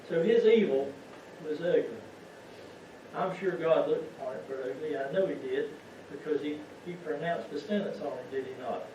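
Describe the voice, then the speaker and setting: A man with a high voice preaches a folksy sermon, asking the congregation one rhetorical question after another. He sounds distant and muffled. A long, heavy echo fills the church around him. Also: darkish tone, a little hiss or hum. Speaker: lay preacher. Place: church sanctuary.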